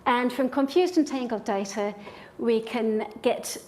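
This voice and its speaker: A woman's voice: a little high, measured pace, a little mellow. A woman professor giving a public lecture in a hall with an audience, explaining ideas step by step in an enthusiastic way.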